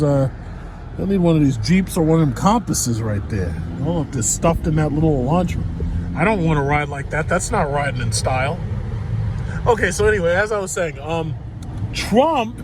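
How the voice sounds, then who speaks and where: High-voiced man ranting while driving. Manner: ranting, sarcastic, profane. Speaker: vlogger commenting while driving. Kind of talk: ranting car vlog. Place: in a car in city traffic. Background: faint traffic noise.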